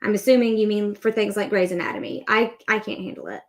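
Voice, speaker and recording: A woman's voice: medium pitch, expressive, fast talker. A woman in her thirties hosting a crochet livestream, chatting in a rambling, upbeat way while she works. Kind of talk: casual chat while crocheting.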